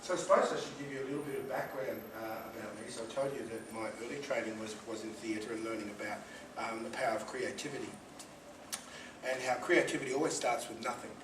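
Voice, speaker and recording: A man's voice: medium pitch, fairly even intonation, quick pace. A man, giving a live inspirational talk with humorous, self-deprecating stories. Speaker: motivational speaker. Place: event room with live audience. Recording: echoey room, distant mic, noisy.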